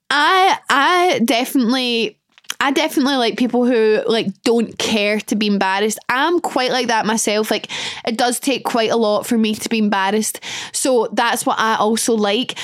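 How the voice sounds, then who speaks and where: A young woman with a Scottish accent, hosting a podcast in casual, animated, self-mocking solo chat. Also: fairly high pitch, dry recording, clean studio sound. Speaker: podcast host.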